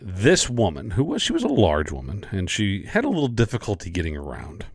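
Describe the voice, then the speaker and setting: A man's voice: low voice, brisk, breathy edge, no room sound, clean studio sound. A man in his forties co-hosting a podcast, telling a story in casual, profane chat. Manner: profane storytelling, animated when quoting. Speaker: podcast co-host.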